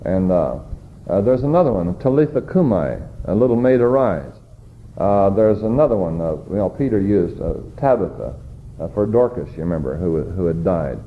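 A man preaching a sermon, teaching slowly and deliberately with many "uh" fillers and rhetorical questions to his congregation. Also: deep voice, animated. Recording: dull lo-fi sermon recording with faint noise.

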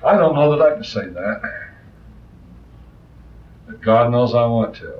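A man preaching a sermon with passion, his voice swinging between loud rises and soft, quiet asides. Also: medium pitch, expressive, a little slow. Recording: distant, roomy, muffled old recording.

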